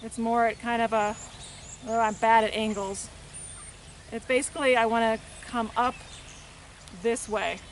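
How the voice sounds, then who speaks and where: A woman equine therapist narrating a hands-on treatment demonstration outdoors, talking in a soft, unhurried way and murmuring gently to the horse between explanations. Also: a little high, flat delivery, a little hiss or hum. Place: outdoors with a horse, rural setting.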